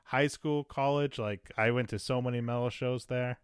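Laid-back host. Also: male voice, mid-range voice, fairly even intonation, moderate pace, clean tone, dry recording. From New England. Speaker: podcast host. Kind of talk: casual interview chat.

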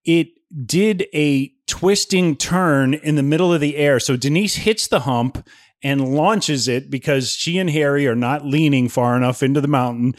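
A man's voice: a little high, normal speed, no echo, clean studio sound. A man co-hosting a podcast, telling a story in casual chat and acting out what others said. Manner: animated storyteller, acts out others' lines. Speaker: podcast co-host.

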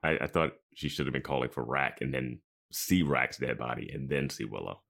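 Deep-voiced man, laughing and chatty. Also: a little fast, creaky, a bit bright. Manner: laughs easily, questioning. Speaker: podcast co-host. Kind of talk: casual chat.

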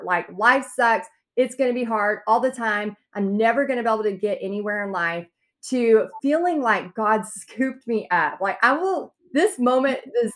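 A woman's voice: mid-range voice, a bit bright. A woman guest telling her own story in a podcast interview, acting out quotes with big swings in her voice.

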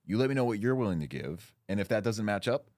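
A man's voice: fairly low pitch, animated, fast, a little mellow, no room sound, studio quality. A young man co-hosting a podcast, talking in casual chat with a blunt, emphatic manner and frequent swearing. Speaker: podcast co-host.

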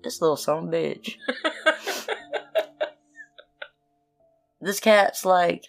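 Woman, podcast co-host, lower voice, laughing wry storyteller. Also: sing-song, drawn-out words, vocal fry, pauses often, soft background music. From Southern United States. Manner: wry, laughing, blunt asides. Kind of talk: reading fairy tales with joking asides.

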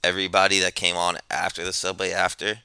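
Laid-back low-voiced New man. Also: monotone, fast, creaky, sharp tone, clear, resonant tone, dry recording. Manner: laid-back, rambling, profane. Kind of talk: casual storytelling. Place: New York.

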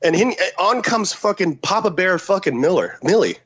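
A man, a former Special Forces soldier, telling a story as a podcast guest in a profane, animated way, acting out the dialogue. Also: sits high, normal speed, hardly any pauses, a crowd in the background. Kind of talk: casual war-story telling.

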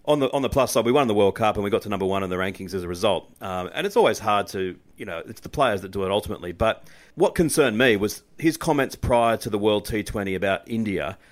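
A man's voice: lowish voice, animated. A man giving blunt opinions about cricket on a podcast. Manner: quick and opinionated. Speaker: co-host. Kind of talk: casual cricket chat.

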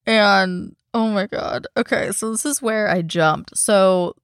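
A woman's voice: medium pitch, takes it slowly, no echo, studio quality. A woman co-hosting a casual paranormal podcast, swearing freely and acting out quotes as she recaps an episode. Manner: swears freely, acts out quotes, laughs often. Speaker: podcast co-host. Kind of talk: casual chat.

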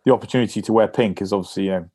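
A man with a fairly low voice speaks in a casual podcast interview. He tells his stories in a lively, anecdotal way. The sound is dry and close, with no room around it. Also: very fast, slightly rough, dry recording. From England. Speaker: guest, former rugby player.

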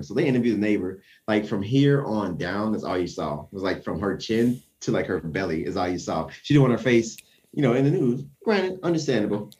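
A man's voice: fairly low pitch, animated, a little fast, dark tone. A young man telling a story in casual conversation, acting out the quoted voices and chuckling often.

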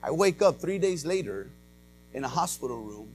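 A male pastor preaching a dramatic personal testimony, swinging between loud and hushed, with many "uh" and "amen" fillers. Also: on the high side, sing-song, normal speed. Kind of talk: sermon.

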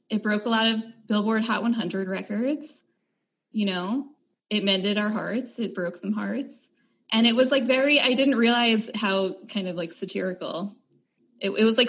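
Woman podcast host, casual chatty delivery, filler-heavy, upbeat. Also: medium pitch.

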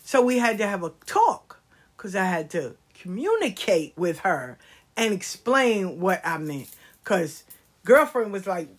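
Animated, salty-tongued storytelling grandmother. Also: a little slow, breathy edge. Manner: animated, profane, jumps to high exclamations and drops to hushed asides. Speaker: grandmother telling stories. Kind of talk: casual comic storytelling monologue.

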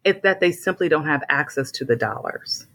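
A woman's voice: sits low, lively intonation, moderate pace, fairly bright tone. A woman speaking as a guest in a casual conversation, explaining her points thoughtfully.

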